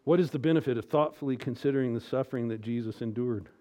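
A middle-aged male pastor delivering a sermon, moving between hushed, almost whispered reassurance and loud, emphatic exhortation. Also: medium pitch, fast talker.

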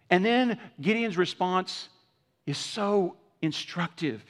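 Dramatic preacher in an echoing hall. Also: male voice, expressive, unhurried. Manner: dramatic swings from loud emphasis to hushed lows; conversational, acts out quoted speech. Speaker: pastor. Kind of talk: sermon.

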